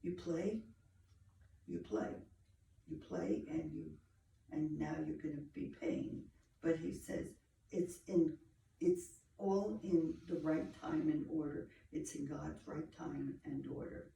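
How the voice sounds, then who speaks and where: A woman giving a medium reading, feeling her way through each phrase slowly and circling back to repeat herself. Her voice has a gravelly fry to it. She sounds distant from the mic in an echoey room with faint background noise. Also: deep voice, animated, warm tone. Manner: halting, searching, repeats phrases. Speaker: psychic medium.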